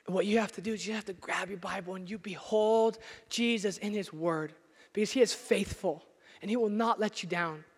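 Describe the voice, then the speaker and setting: A man preaching a sermon as pastor in a church, emphatic and at times nearly shouting. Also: high-pitched, normal speed, husky. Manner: emphatic, rising to near shouts. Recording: long hall reverb.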